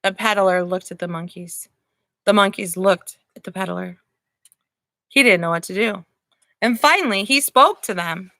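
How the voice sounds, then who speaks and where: A woman preschool teacher reading a picture book aloud to young children, animated and asking them questions. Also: medium pitch, moderate pace, long pauses, no echo.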